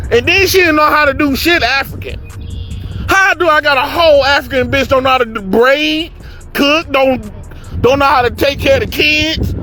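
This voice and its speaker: High-voiced man telling a profane story. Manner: animated, profane, laughing storyteller acting out quotes. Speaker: podcast host telling a story. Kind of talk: casual storytelling.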